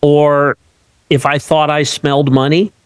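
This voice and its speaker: A man's voice: on the high side, little pitch movement, a little slow, clear, resonant tone, dry recording. Upbeat male podcast host, dry close sound. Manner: repeats words as he talks, upbeat and encouraging. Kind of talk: casual interview chat.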